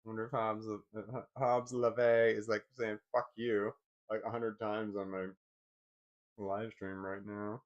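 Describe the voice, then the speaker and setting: A man on a live stream, thinking aloud in a halting way, often repeating words as he works through what he sees. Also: on the low side, little pitch movement, muffled recording.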